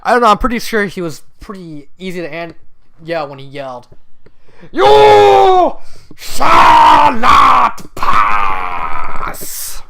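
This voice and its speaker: A man's voice: a little high, expressive, fairly quick, noisy background. Giggly young man reading fanfiction aloud. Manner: giggly, easily breaks into laughter; tired, just woke up. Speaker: fanfiction reader. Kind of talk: casual reading aloud with commentary.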